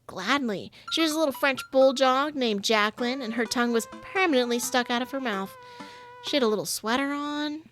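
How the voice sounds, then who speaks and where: A cheeky, sarcastic teenage girl, read by a woman playing through a game. She tosses off teasing deadpan quips in a fairly high voice. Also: fairly quick, faint music behind. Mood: sheepish. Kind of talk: reading game dialogue aloud.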